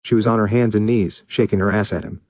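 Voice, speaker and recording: A man reading fan fiction aloud in steady, even narration. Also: fairly low pitch, quick pace, no echo, lo-fi sound. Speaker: story reader.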